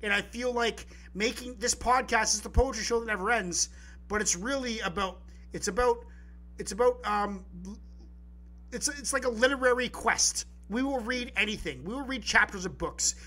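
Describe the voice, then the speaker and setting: A man co-hosting a live poetry podcast, chatting casually and excitedly, rambling with restarts and the odd curse. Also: sits high, normal speed. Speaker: podcast co-host.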